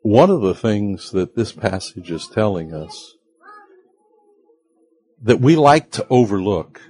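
A man preaching a sermon in a slow, earnest way, sometimes rising sharply in pitch and loudness for emphasis. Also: big pitch swings, husky. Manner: acts out quoted voices of listeners. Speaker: pastor.

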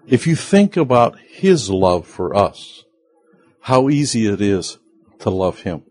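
Slow, earnest male preacher. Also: very animated, darkish tone. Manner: slow, earnest preaching with sudden rises in pitch and volume; acts out quoted voices of listeners. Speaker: pastor. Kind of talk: sermon.

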